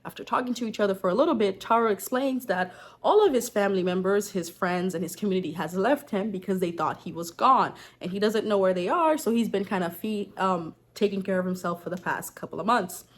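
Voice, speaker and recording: A woman's voice: mid-range voice, brisk. A woman retelling a folktale in a casual storytelling vlog, chatty and slangy, breaking off for joking asides.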